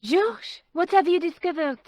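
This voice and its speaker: A woman voicing a brisk young woman on the phone, curt and impatient. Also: very high-pitched, darkish tone, dry recording.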